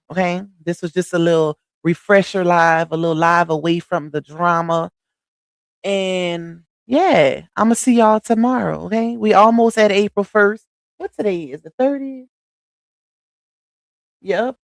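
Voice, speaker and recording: A middle-aged woman hosting a casual livestream, preachy and animated, talking in a slangy, familiar way to her viewers. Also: on the low side, no room sound. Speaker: livestream host. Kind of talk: casual live-stream chat.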